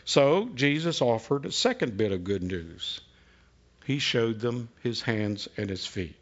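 Folksy unhurried pastor man preaching. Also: medium pitch, fairly bright tone, dull audio. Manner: folksy, unhurried, repeats words when starting sentences. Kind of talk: sermon with prayer and jokes. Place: church sanctuary.

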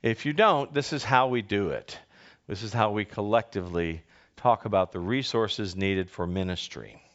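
A middle-aged male pastor from North America, giving a folksy sermon with halting restarts and swings in pitch. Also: a bit bright. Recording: dull lo-fi sound.

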